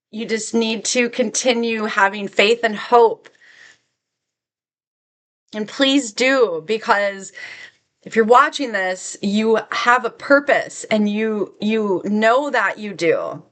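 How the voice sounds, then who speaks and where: A woman's voice: medium pitch, fairly bright tone. Middle-aged woman, spiritual vlogger; earnest, encouraging, conversational with many fillers. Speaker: spiritual content creator. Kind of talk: heartfelt spiritual vlog message.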